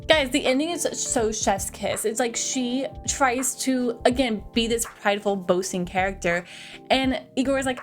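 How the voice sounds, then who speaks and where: A woman's voice: fairly high pitch, animated, moderate pace, soft background music. A young woman chatting casually through a film review, gushing and chatty, with a lot of "like". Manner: gushing, chatty, heavy use of "like".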